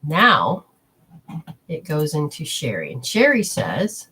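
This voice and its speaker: A woman's voice: deep voice, wildly swooping pitch, takes it slowly, bright, forceful tone, breathy edge. A woman hosting a spiritual healing talk, explaining steps in a rambling, instructive way and speaking straight to her listeners. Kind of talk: casual teaching talk.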